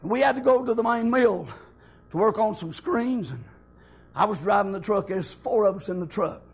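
A middle-aged male preacher, telling a personal testimony in a chanted, shouted sermon cadence. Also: high voice, lively intonation, normal speed, breathy edge.

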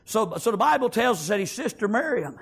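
A man's voice: high-pitched, sing-song, fairly quick, creaky, fairly bright tone, husky. A man preaching a fervent sermon, peppering it with amens and praise God.

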